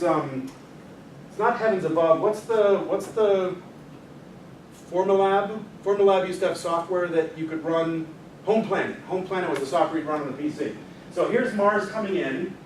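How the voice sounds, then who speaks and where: Chatty male teacher in an echoey room. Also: sits high. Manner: chatty, directs helpers, jokes with the audience. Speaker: physics teacher giving a club talk. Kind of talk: informal astronomy lecture with a live demonstration. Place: meeting room with an audience. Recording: echoey room, mic far off, faint noise.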